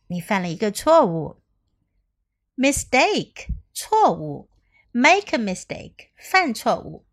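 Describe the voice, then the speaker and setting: A woman English teacher reading a story to children in two languages and leading practice, in a gentle, encouraging way. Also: medium pitch, big pitch swings, slow.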